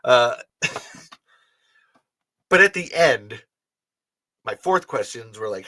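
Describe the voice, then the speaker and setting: A man's voice: medium pitch, expressive, takes it slowly, pauses often, bright, forceful tone, no echo. A man hosting a fan podcast, talking casually and rambling, frustrated and swearing often. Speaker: podcast host.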